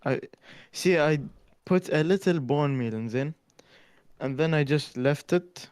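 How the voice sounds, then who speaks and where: A man's voice: fairly high pitch, a little mellow, clear, resonant tone, dry recording, clean studio sound. A man whose first language is Arabic, chatting with a friend over voice chat during a game, often restarting his sentences. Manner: halting, repeats words when starting sentences. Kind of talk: casual gaming chat.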